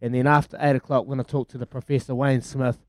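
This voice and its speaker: A man's voice: mid-range voice, level tone, fast talker, no room sound. A man, hosting breakfast sports talk radio with upbeat enthusiasm. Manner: upbeat, enthusiastic, hesitant when thinking. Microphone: studio mic.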